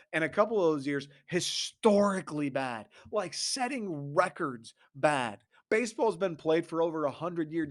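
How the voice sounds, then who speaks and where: A young man, host of a sports talk show, ranting with profane exasperation and mocking laughs. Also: on the high side. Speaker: podcast host.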